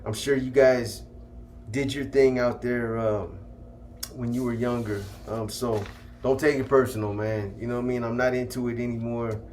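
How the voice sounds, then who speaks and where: A man recounts his past in relaxed, slangy storytelling, often tacking on "man". His voice sits at an ordinary middle pitch. A faint hiss of room noise sits behind him. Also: moderate pace. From California. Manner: laid-back street slang, trailing off with "man". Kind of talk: casual first-person storytelling.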